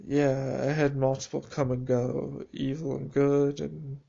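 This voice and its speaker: Slow, gravelly-voiced man musing alone. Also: mid-range voice, level tone, warm tone, dull audio. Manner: reflective, halting, with frequent restarts and dry sarcasm. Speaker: video journal keeper. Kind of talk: personal video journal monologue.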